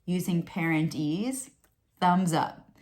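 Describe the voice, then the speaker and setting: Upbeat, chatty woman with a lowish voice. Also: takes it slowly, a little mellow. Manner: mixes questions and asides. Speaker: speech and language educator. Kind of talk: talking-head parenting lesson.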